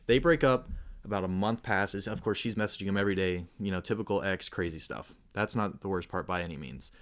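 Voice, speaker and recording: A young man co-hosting a casual podcast, spinning a long, rambling story with a fairly low voice. He acts out the lines of the people in his tale as he goes. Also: brisk. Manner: rambling, animated storyteller who acts out quotes. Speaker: podcast co-host.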